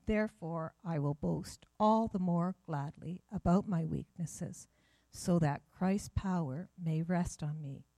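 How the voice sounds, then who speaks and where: Slow, mellow woman reading scripture. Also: lowish voice, no room sound. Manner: measured, steady reading. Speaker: scripture reader.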